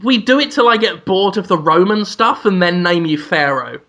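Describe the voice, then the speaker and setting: A man's voice: sits high, expressive, normal speed, sharp tone. A man co-hosting a comedic podcast, laying out absurd mock-grand schemes with a straight face. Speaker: podcast co-host.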